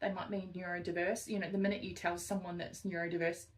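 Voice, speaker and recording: A woman's voice: on the low side, quick pace, poor audio. A woman co-hosting a casual podcast, a social worker who tells work stories and acts out the people she quotes. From Australia. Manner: animated storytelling, acts out quotes.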